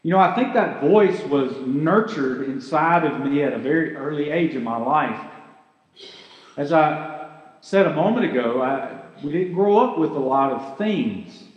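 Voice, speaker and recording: A man's voice: a little high, animated, a little slow, roomy sound, long reverb tail, highs cut off. A man giving a sermon as pastor, earnest and conversational, asking his listeners rhetorical questions.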